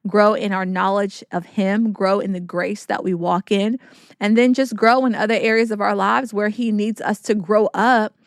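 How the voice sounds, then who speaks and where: A woman's voice: medium pitch, clear, resonant tone, dry recording, clean studio sound. A woman hosting a faith-based podcast, talking in an earnest, encouraging way with preacherly repetition. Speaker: podcast host.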